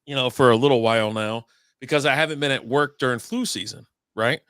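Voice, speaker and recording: A man's voice: medium pitch, fairly quick, a bit bright, clear, resonant tone, dry recording. A man co-hosting a casual beer stream, telling rambling stories, swearing and laughing as he goes. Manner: rambling storyteller, swears freely, laughs at his own stories. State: recovering from illness. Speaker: co-host of a beer and sports stream. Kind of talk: casual chat.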